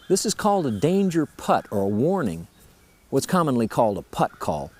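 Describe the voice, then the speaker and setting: A turkey-calling instructor explains each call step by step in a folksy, plain-spoken way. He talks at a moderate pace in a medium-pitched voice with big swings in pitch.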